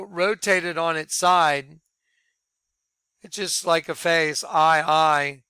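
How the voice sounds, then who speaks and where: A man preaching and telling his conversion story in an earnest sermon style, dropping to a hushed voice when he quotes. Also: on the high side, smooth, no echo. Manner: earnest, drops to quiet hushed tones when quoting.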